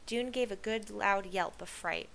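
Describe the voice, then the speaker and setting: Bright-voiced woman reading a novel aloud. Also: medium pitch, unhurried, vocal fry, rough recording. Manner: steady, expressive storytelling. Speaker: reader.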